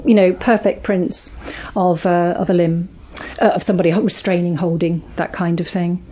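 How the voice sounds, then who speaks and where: A woman's voice: on the low side, fairly even intonation, normal speed, mellow, slight background noise. A British woman organising a small meeting, speaking in a rambling way with many fillers and earnest thanks.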